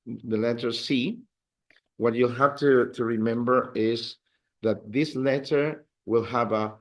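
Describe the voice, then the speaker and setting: A male teacher leads a beginner Spanish lesson at an unhurried, deliberate pace. He repeats each word patiently so learners can follow and echo him. His voice sits at an ordinary middle pitch.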